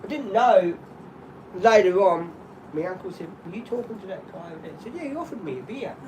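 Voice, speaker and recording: A middle-aged Australian man rambling through animated stories in casual chat, often laughing. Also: high-pitched, brisk, a little hiss or hum, low-quality recording.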